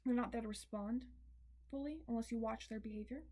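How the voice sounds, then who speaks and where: A woman's voice: on the high side, fairly quick. Candid, swearing young woman confiding a story. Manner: candid, swings between excited and tearful, swears freely; emphatic, repeats words. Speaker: vlogger. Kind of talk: confessional storytime.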